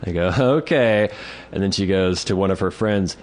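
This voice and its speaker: Laid-back male podcast co-host, deep voice. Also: moderate pace. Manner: animated, swears, acts out voices in his stories. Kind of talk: casual storytelling chat.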